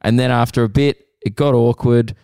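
A man co-hosting a podcast, reading listener messages aloud in a relaxed way with sighs and laughs. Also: medium pitch, normal speed, clean tone, dry recording, studio quality. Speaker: podcast co-host.

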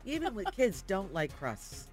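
A woman's voice: mid-range voice, a little slow, soft background music. A woman co-hosting a morning radio show, telling stories and chatting casually. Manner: lively storyteller, agrees often. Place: radio studio.

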